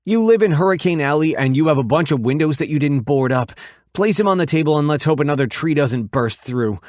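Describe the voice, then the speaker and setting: A man's voice: fairly high pitch, animated, a little fast, no room sound, clean studio sound, voice pushed up, close to an everyday voice. A man voicing a blunt, feisty young woman who exclaims in exasperation, in an audiobook. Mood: exasperated.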